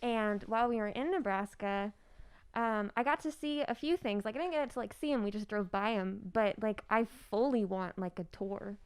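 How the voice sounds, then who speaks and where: A woman's voice: mid-range voice, normal speed, clear, resonant tone. A woman chatting casually as a cast member, enthusiastic and rambling. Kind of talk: casual chat.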